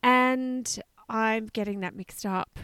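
A woman co-hosts a casual podcast chat, her voice sitting a little high. She rambles, restarts and laughs often. The sound is close and dry. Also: slow, bright, forceful tone, clear, resonant tone, dry recording. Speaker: podcast co-host.

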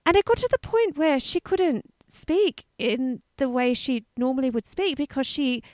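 Lively, animated woman co-host. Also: high-pitched, normal speed, no room sound. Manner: animated, laughs often, wonders aloud. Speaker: podcast co-host. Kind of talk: casual chat.

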